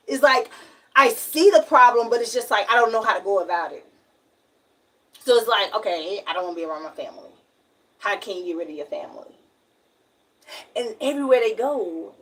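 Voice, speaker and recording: A woman's voice: a little high, fairly bright tone, distant mic, low-quality recording. A young woman with a Southern US accent, from Alabama, talking frankly and at length in a casual livestream. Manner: frank, rambling, emphatic.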